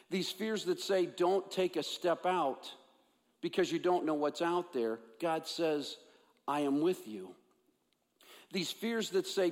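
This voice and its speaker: A man's voice: on the high side, a little mellow. A man preaching a sermon as pastor, earnest, repeating key phrases for emphasis. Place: church sanctuary. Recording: long hall reverb.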